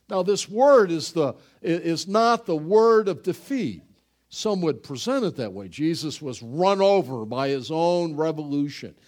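Impassioned preacher man with a lively voice. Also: high-pitched. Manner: impassioned preaching, slow and dramatic with sudden loud exclamations. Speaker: pastor. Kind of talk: sermon.

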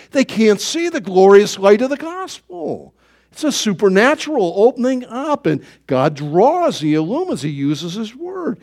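A middle-aged male pastor preaching a sermon in a folksy storytelling way, acting out his own thoughts in quoted asides. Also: high voice.

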